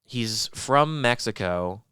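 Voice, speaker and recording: A man's voice: mid-range voice, expressive, slow, pushed and bright, clear, resonant tone, dry recording, clean studio sound. A young man co-hosting a podcast, rambling and swearing casually as he retells stories and imitates the people in them. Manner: rambling, profane, mimics people in quoted voices. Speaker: podcast co-host.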